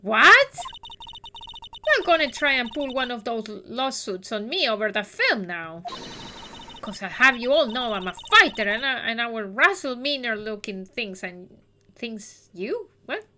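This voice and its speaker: A woman's voice: a little high, very animated, normal speed, background noise. A woman reading a brash young Southern woman photographer aloud, with a put-on exaggerated Southern drawl and slangy, feisty talk, over game music.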